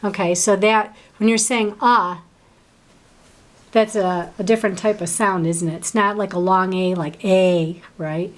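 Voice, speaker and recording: A woman's voice: mid-range voice, steady tone, a little slow. Brief: woman teacher, patient, one-on-one tutoring, prompts with questions. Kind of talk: one-on-one reading lesson.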